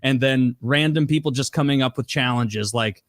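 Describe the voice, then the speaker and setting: A man's voice: medium pitch, moderate pace, few pauses, no room sound, studio quality. A man hosting a podcast, animatedly retelling a story in casual chat with lots of filler words. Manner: animated retelling, heavy use of "like". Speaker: podcast host.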